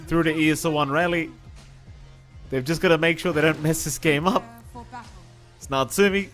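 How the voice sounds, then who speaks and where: A man's voice: fairly high pitch, a bit bright. Teasing male co-caster over music. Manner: playful, teasing banter. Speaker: esports co-caster. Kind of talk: live game commentary. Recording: music in the background.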